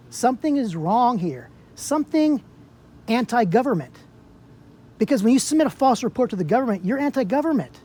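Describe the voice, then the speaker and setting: A man's voice: sits high, darkish tone. A man in a heated argument on a public sidewalk outdoors, confronting an officer with repeated rhetorical questions.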